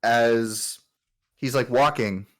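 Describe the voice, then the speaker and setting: A man narrating as game master of a tabletop game, in a relaxed, filler-heavy way. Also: mid-range voice, slow.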